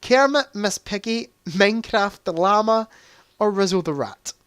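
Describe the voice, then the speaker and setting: A man's voice: sits high, expressive, a little slow, a bit bright, clear, resonant tone, dry recording, clean studio sound. A young man hosting a casual livestream quiz, chatty, reading out answer options and adding joking asides. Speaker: livestream host.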